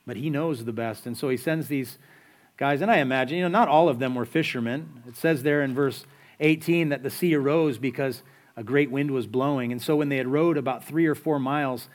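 A man's voice: medium pitch, brisk. Guy preaching a sermon, chatty storyteller, asks the crowd questions, medium voice. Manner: conversational storytelling, rhetorical questions. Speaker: pastor.

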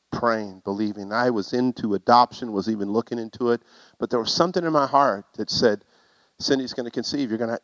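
A middle-aged man preaches through a personal story with lively, self-mocking humor. His voice sits at a middling pitch and rises to loud exclamations. The sound is dry and close, with no room echo. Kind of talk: sermon storytelling.

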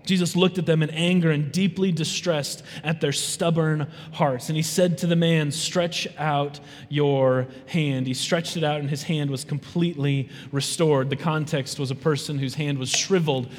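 A man preaching a sermon to a church congregation, lively and conversational, often checking in with his listeners. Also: fairly high pitch, normal speed, few pauses. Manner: lively, conversational, often asks "right?" to the audience. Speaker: pastor. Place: church sanctuary. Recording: long reverb from a large hall.

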